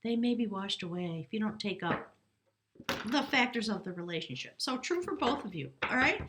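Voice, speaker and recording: A woman's voice: on the high side, sing-song, fairly quick, a bit bright, a little hiss or hum. A woman giving a tarot card reading to camera, earnest and coaxing, often checking in with the viewer. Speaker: tarot reader.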